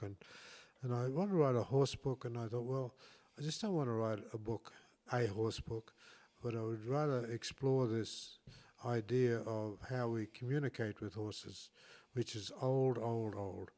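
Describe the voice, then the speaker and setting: A man hosts a relaxed talk show and drifts into reflective stories. He often breaks off and restarts his sentences as he talks. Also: mid-range voice, a little slow. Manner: reflective, rambling, with frequent restarts. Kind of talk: casual storytelling conversation.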